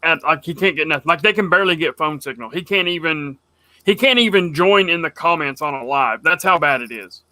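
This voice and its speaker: A man co-hosting a casual podcast chat, rambling and animated as he tells stories. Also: a little high, brisk, no room sound. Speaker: podcast co-host.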